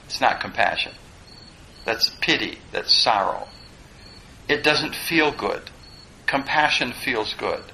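Meditation teacher, male, bright clear tone, rambling self-deprecating class talk, faint hiss. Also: mid-range voice, lively intonation, takes it slowly, long pauses, poor audio. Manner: digressive, self-deprecating, plain-spoken.

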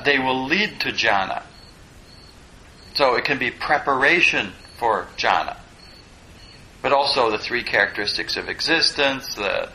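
A man's voice: medium pitch, bright, forceful tone, slight background noise, poor audio. A man teaching a meditation class, plain-spoken and digressive, poking fun at himself as he goes. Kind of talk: dharma class talk.

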